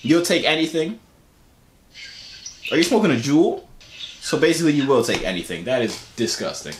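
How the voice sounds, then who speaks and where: A man's voice: mid-range voice, big pitch swings, normal speed. A young man hosting casual video chats with strangers, slangy and teasing. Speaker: host. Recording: echoey, lightly noisy video-chat audio.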